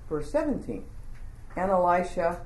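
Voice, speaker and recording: A woman teaching a Bible lesson to a group, telling the story in an informal, animated way and asking the group questions. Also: on the low side, a little slow, reverberant.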